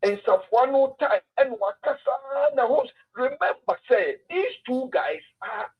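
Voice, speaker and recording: A man's voice: extremely high pitch, expressive, unhurried, husky, phone-quality sound. A man with a Ghanaian accent hosting a casual political talk stream, emphatic and repeating words for effect. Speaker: political commentator host.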